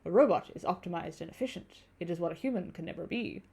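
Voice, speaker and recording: A woman's voice: on the low side, fast talker, gravelly, dark tone, breathy edge. A woman voicing a stiff, formal male tourist passenger in a game, with a half-hearted German accent and clipped, probing speech. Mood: solemn.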